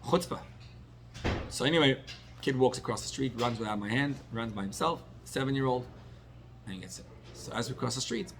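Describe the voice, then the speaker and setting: A man's voice: medium pitch, fairly quick, long pauses, background noise. A man, a rabbi, teaching a class in a conversational way, telling personal stories and dropping Yiddish and Hebrew terms.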